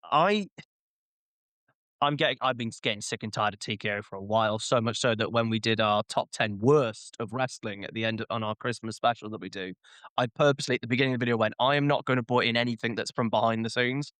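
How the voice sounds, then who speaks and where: A man's voice: lowish voice, fast talker, a bit bright, no echo. A man hosting a casual wrestling chat, ranting and joking as he acts out short quoted voices. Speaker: podcast host.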